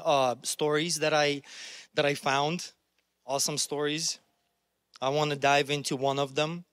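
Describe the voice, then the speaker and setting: A man's voice: fairly high pitch, fairly bright tone, dry recording, studio quality. A man preaching a sermon in an earnest, conversational way, often restarting his phrases. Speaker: pastor.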